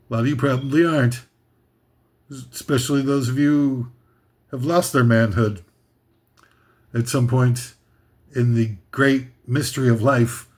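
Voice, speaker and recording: Sarcastic rambling man ranting. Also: fairly high pitch. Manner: sarcastic, meandering, with frequent fillers and laughs. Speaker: host. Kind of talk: comedic ranting list commentary.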